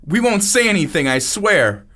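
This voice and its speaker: A man's voice: high voice, very animated, normal speed, bright, forceful tone, pitched above the performer's own voice, exaggerated voice. A man voicing a nervous young woman at a party. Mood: pleading.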